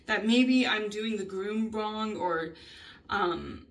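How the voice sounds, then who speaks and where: A woman's voice: mid-range voice, a bit bright. Frustrated woman ranting to camera, emotional, lots of cursing, mic kinda far off. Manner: frustrated, swears a lot, halting with many ums. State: upset and emotional. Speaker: vlogger. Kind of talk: casual venting vlog. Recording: voice a bit distant from the mic.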